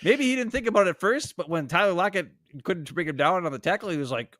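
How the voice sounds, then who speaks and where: Animated man in casual sports talk. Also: high-pitched, quick pace, hardly any pauses, no echo, clean studio sound. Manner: animated, rambling, breaks into goofy voices. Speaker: podcast co-host. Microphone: home streaming setup.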